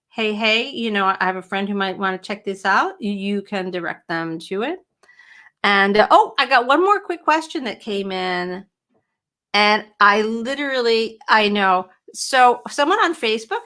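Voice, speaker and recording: This is a casual at-home stream led by a middle-aged woman who works as a writing coach; she answers viewers in a talkative, animated style. Her voice is mid-range, picked up by a webcam or computer mic.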